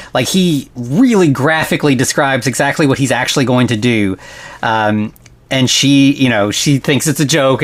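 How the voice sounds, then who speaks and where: A man hosting a podcast who recaps a film in casual, rambling chat, full of "like" and "you know" and quick laughs. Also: medium pitch. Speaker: podcast host.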